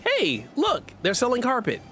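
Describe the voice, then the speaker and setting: Playful, lively game streamer man. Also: extremely high pitch, moderate pace, faint music behind. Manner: playful, jokey, sarcastic asides; reads viewer chat aloud and answers. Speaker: let's play streamer. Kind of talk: casual gameplay commentary with chat.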